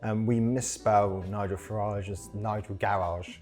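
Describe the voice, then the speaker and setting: A man with a fairly low voice hosts a casual podcast chat. He explains things hesitantly, full of ums and restarts. Faint music sits behind him. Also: fairly even intonation, a little slow, a little mellow. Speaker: podcast host.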